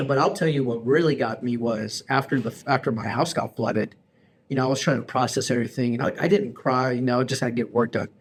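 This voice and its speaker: A man in his forties hosting a casual podcast chat, telling stories in an animated, slangy way and calling people bro and dude. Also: medium pitch, brisk, slight background noise. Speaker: podcast host.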